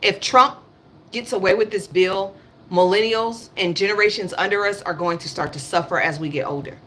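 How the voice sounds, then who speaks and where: Blunt woman with a bright voice. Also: medium pitch, normal speed, a little hiss or hum. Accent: African American English. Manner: blunt, emphatic, repeats points, swears. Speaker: livestream host. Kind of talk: casual political livestream rant.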